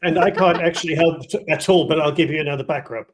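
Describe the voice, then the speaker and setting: A man playing a tabletop game, speaking in a playful, animated way. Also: fairly high pitch, fast, heavy background noise. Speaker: player.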